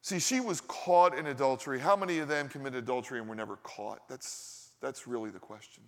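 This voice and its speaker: A man's voice: mid-range voice, a little fast, a bit bright. Preacher man in a reverberant hall. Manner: conversational preaching with rhetorical questions. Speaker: pastor. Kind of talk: sermon.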